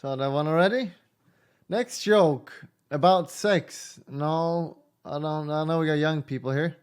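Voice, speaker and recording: A man's voice: a little high, unhurried, clear, resonant tone. A male streamer making dry, offhand comments while playing a game.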